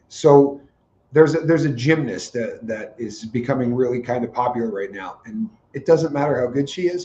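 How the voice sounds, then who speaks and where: A man's voice: medium pitch, mellow. A man co-hosting a podcast who makes confident, opinionated points and backs them with examples in casual chat. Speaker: podcast co-host. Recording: echoey, dull lo-fi room audio.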